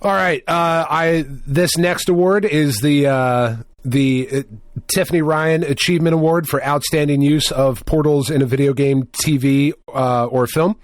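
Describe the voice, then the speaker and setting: A man's voice: on the high side, a little slow, dry recording, studio quality. Casual, swearing male podcast host. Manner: swears freely, laughs often. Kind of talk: casual chat.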